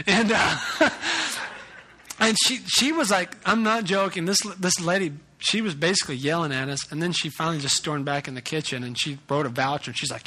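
A man's voice: high voice, a little fast. A male pastor preaching a sermon in a conversational way, telling stories with lots of restarts. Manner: conversational, animated storytelling with restarts. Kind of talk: sermon with a personal story.

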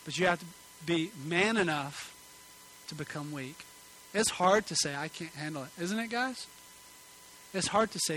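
A man preaches a sermon from a church stage into a microphone. His voice is bright and forceful and sits a little high. He swings between emphatic calls and quiet pleading, and a faint hum runs under the recording. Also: normal speed, long pauses, poor audio. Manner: earnest, emphatic preaching that drops to soft pleading. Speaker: pastor. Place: church sanctuary.

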